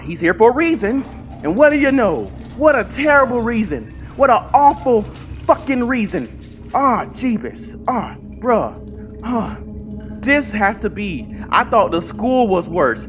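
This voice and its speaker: A young adult gaming channel host giving horror gameplay commentary, talking to themself, muttering low and then bursting into panicked yelling and swearing.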